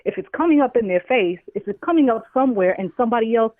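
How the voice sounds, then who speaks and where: A woman's voice: a little high, fast. Blunt woman on a tinny phone line. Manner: blunt, animated, acts out other people's voices. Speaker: podcast guest. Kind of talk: casual interview chat.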